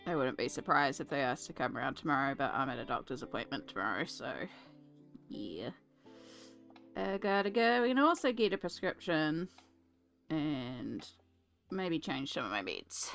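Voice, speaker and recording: Australian woman, bright voice, chatty art streamer, faint music behind. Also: low voice, big pitch swings, normal speed. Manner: chatty, laughing, mimics sarcastic adult tones. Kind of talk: casual chat while colouring.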